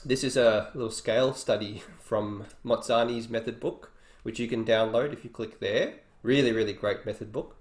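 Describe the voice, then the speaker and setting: This man leads an online guitar workshop with casual explanations and thinking aloud between demonstrations. He has a medium-pitched, steady voice at normal speed with few pauses, recorded in an echoey room where faint guitar is audible.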